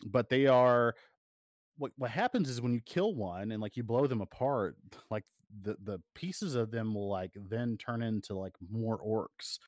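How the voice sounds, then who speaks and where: Speaking a little slowly in a slightly mellow, mid-range voice, this podcast co-host keeps things casual and meandering, filling his talk with fillers and restarts. It's clean studio audio without echo.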